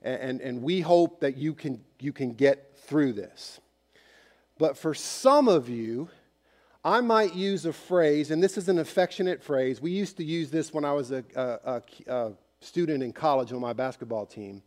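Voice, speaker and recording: A male pastor preaching in a casual, direct way, as if chatting with the people in the pews. His voice sits a little high for a man. The sound rings with the long reverb of a church sanctuary. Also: moderate pace, darkish tone. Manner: conversational, speaks straight to the congregation. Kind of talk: sermon.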